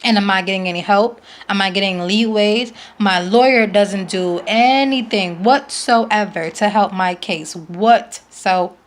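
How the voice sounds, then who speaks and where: A woman's voice: medium pitch, measured pace, hardly any pauses. A woman, making an earnest, pleading appeal to camera as a parent, repeating her points for emphasis. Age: 20s. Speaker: vlogger, parent. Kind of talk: emotional direct-to-camera appeal.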